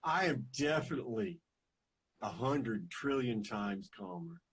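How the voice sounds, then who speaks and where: A man's voice: mid-range voice, expressive, measured pace, husky. A man co-hosting a podcast, talking earnestly and emphatically with some teasing. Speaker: podcast co-host. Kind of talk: casual chat.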